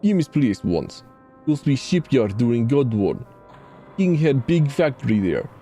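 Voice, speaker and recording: A man's voice: medium pitch, very animated, a little slow, mellow, faint music behind, voice pushed up. A man voicing a stern, menacing male camp leader in a put-on Scottish accent, with clipped, threatening lines. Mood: grim.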